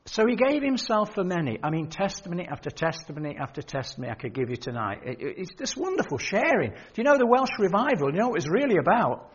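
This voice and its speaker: A man's voice: sits high, sing-song, fast, few pauses, breathy edge. An older man preaching a sermon, telling stories and quoting the people in them. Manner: storytelling, quoting others, rising emphasis. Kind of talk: sermon with anecdotes. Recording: dull lo-fi sermon recording.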